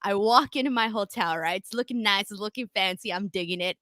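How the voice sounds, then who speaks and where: A woman hosting a casual livestream podcast, telling stories in an animated way and swearing freely. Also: medium pitch, a little fast, dry recording. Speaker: podcast host.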